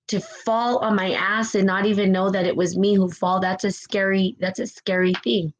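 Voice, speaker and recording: A woman's voice: medium pitch, level tone, moderate pace, few pauses, poor audio. A woman hosting a spiritual live stream, giving a fervent, emotional motivational talk. She is close to tears and keeps asking "right?" as she goes. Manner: fervent and emotional, repeats phrases, asks "right?". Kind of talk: impassioned motivational talk, reading viewer comments.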